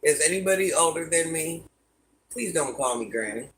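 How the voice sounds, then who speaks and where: A low, expressive voice belongs to a woman in her fifties hosting a casual livestream from home, speaking at a moderate pace over slight background noise. She reads her viewers' comments aloud and answers each one in an easygoing way.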